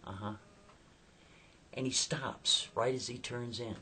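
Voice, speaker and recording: A man tells a spooky story in a chatty, casual way, checking in with listeners by asking "right?". His medium-pitched voice is slow, pushed, and bright with fairly even intonation, over slight background noise.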